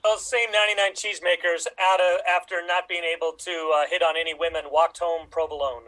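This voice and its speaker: A man, an improv player, telling pun jokes with a deadpan delivery. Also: on the high side, brisk, rough recording.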